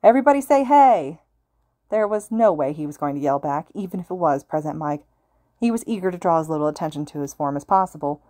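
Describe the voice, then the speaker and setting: Low-pitched woman reading a story. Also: fast talker, a little mellow, no room sound, clean studio sound. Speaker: podfic reader. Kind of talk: fan fiction audiobook narration.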